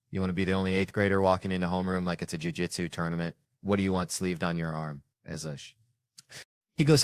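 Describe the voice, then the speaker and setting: A man's voice: low voice, no room sound. A middle-aged man doing a stand-up comedy set, telling brash, profane family stories and acting out the quotes.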